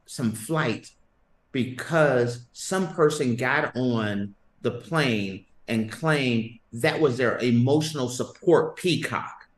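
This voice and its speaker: Animated joking male podcast host. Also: medium pitch, reverberant. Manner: animated, joking, emphatic rants. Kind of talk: casual podcast banter.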